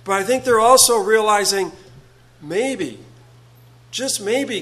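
A man preaching a sermon, earnest and halting, often repeating words as he builds a point. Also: high voice, pushed and bright, poor audio.

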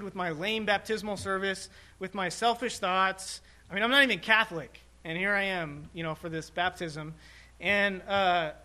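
A man, a chaplain, telling a personal story in a sermon in a halting, reflective way with many restarts. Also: sits high, bright, forceful tone. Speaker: hospital chaplain preaching.

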